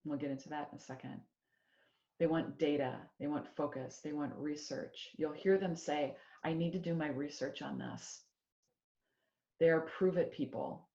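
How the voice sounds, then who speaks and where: Middle-aged woman from Iowa, executive coach presenting; low, mellow voice; echoey, slightly muffled room sound. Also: normal speed. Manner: animated, acts out quoted voices. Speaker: executive coach giving a talk. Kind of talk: motivational presentation.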